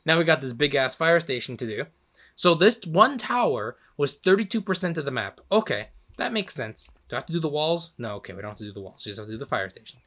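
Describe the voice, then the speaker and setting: Bright-voiced, chatty gaming man. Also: mid-range voice. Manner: chatty, self-mocking, laughs often, mild swearing. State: slightly hoarse. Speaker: gaming channel host. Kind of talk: casual gameplay commentary.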